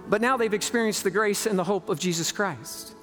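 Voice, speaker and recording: A man preaching a sermon in a large church, telling a story dramatically and shifting between slow, stressed words and quick bursts. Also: high-pitched, fairly bright tone, faint music behind. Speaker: pastor.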